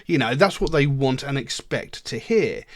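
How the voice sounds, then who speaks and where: A man's voice: medium pitch, expressive, moderate pace, dry recording, studio quality. A man giving casual spoken commentary on a song, earnest and emphatic, rambling at times and swearing bluntly. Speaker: music reaction video host.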